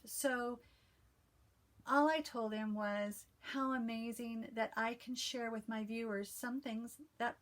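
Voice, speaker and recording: A woman with a slightly high, calm and soothing voice chats to her viewers in a relaxed vlog. She talks in a loose, friendly way, restarting her sentences and filling pauses, then settles into reading a short devotional aloud. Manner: chatty, with frequent restarts and fillers. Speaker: cross-stitch video host. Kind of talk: casual chat and devotional reading.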